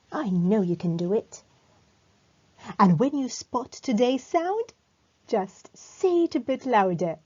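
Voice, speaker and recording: A woman leads a children's phonics lesson at a very slow, deliberate pace. Her voice is breathy, and her pitch sits fairly high. It rises and falls in a lively way as she stretches each sound for the children to repeat. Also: lo-fi sound. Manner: slow, sound-by-sound modelling with encouraging praise. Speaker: phonics teacher.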